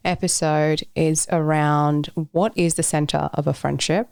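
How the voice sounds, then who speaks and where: A woman co-hosting a podcast in casual chat, chatty and quick to laugh. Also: low-pitched, flat delivery, gravelly, darkish tone, clear, resonant tone, no room sound. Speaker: podcast co-host.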